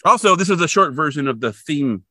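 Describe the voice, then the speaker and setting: A man's voice: a little high, lively intonation, brisk, bright, forceful tone, no room sound, clean studio sound. A man casually recapping a TV episode on a podcast, thinking aloud and second-guessing himself. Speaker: podcast co-host.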